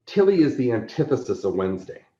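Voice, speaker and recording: At a quick pace and medium pitch, a convention organizer being interviewed on a laid-back podcast tells energetic stories, slipping into the voices of the people in them. The room echo is noticeable and the recording is a bit dull.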